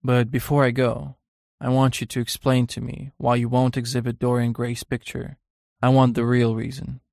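An amused, cynical young aristocrat, as a man reads him in a storybook reading. He teases and lifts his voice with mock surprise, at an everyday pitch. The recording is dry. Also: completely flat delivery, moderate pace, gravelly, a little mellow, no echo, natural voice.

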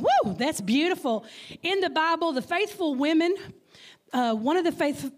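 A woman in her fifties with a Texas accent gives a Mother's Day sermon as a guest speaker. Her voice sits a little high, and her delivery is lively and playful. She keeps calling out questions to the congregation. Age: 50s. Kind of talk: Mother's Day sermon with audience call-and-response.

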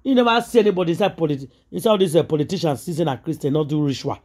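A Nigerian woman, a gossip vlogger, talks through casual celebrity gossip in a low, husky, slightly mellow voice at a racing pace. She is preachy and emphatic, driving each point home over and over and slipping easily into Pidgin.

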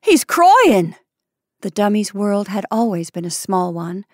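A woman narrating an old short story in a measured, expressive reading. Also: medium pitch, dry recording, studio quality. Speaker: story reader. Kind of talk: scripted narration.

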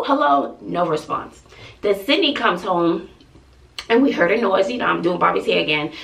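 Woman, middle-aged, storytime vlog, casual slangy talk, gravelly voice with wild pitch swings, a bit far from the mic. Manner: animated retelling, jumps high to act out her own quotes. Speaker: family vlogger.

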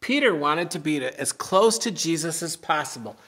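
A middle-aged pastor reading a Bible story and giving a children's message, explaining simply and gently. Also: male voice, on the high side, lively intonation, normal speed.

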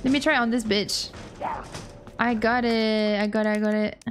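A woman streamer giving first-time gameplay commentary, excitable, laughing and swearing often as she talks to her chat. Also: on the high side, a little slow, over loud music. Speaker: gaming streamer.

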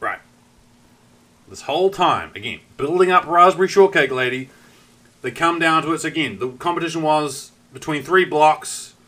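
Kiwi male streamer, crisp bright tone, animated storyteller who swears freely. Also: mid-range voice. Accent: New Zealand. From New Zealand. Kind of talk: casual live-stream chat.

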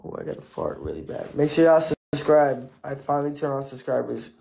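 A man's voice: medium pitch, very animated, fairly quick, creaky, a little mellow. A man streaming live, thanking viewers for their gifts in laid-back casual chatter. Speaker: livestreamer.

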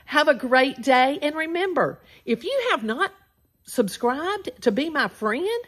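A woman reading a children's picture book aloud in a playful, animated sing-song, with big exclamations. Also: sits high, measured pace. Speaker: children's storybook reader.

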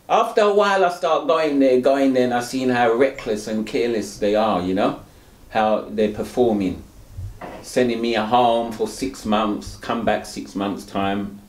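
A man's voice: fairly low pitch, darkish tone. A man talking candidly in an interview. He rambles and tags his lines with "you know," often with rueful laughter. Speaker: interviewee, dialysis patient. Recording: roomy echo.

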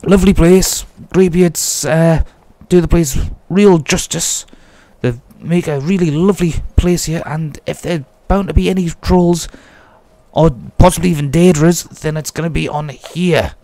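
A man's voice: a little high, fairly even intonation, unhurried, dark tone, no room sound. A man giving chatty, jokey commentary as he plays a game and talks to himself. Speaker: let's play host. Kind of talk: casual gameplay commentary.

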